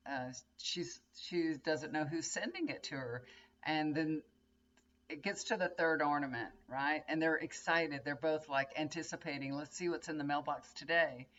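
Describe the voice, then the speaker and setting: Talking from her bedroom, an older tarot reader and vlogger rambles through stories straight to camera. She has a low voice with a fairly bright tone, though the audio is dull.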